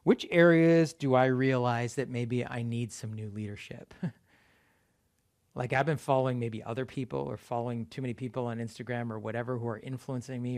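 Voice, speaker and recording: A man preaching a sermon, reading a prayer line by line in a slow, measured way and letting each phrase fall away softly. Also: medium pitch. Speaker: pastor.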